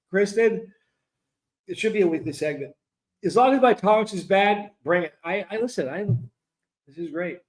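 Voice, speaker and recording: A man with a high, light voice chats through a live stream, reading viewer comments aloud. He breaks into laughter again and again and sounds delighted by the jokes. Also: lively intonation, moderate pace, long pauses. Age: 50s. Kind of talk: casual live-stream chat.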